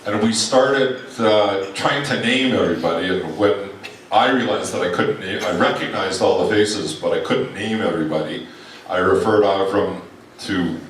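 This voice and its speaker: Man, lowish voice, wry, self-mocking, reunion speech, distant mic, crowd in hall. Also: a little hiss or hum. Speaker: reunion speaker sharing memories. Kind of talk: humorous reminiscing speech. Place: large echoey hall at a reunion.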